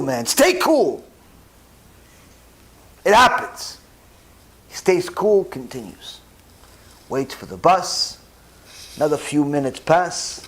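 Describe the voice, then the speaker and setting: A rabbi giving a sermon, telling stories with emphatic repetition and animated delivery. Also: male voice, a little high. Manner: repeats phrases for emphasis.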